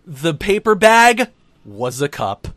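A man with a high voice talks in a loose, casual chat and tells the story with a lot of energy. His swearing is constant. The sound is dry and close, with little room in it. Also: slow pace, no room sound. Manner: animated, profane storytelling. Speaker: podcast co-host recapping wrestling.

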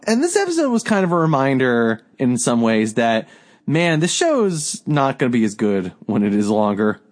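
A man co-hosting a casual wrestling podcast who rants in an animated way and swears a lot. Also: medium pitch, normal speed. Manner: animated, profane ranting. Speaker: podcast co-host.

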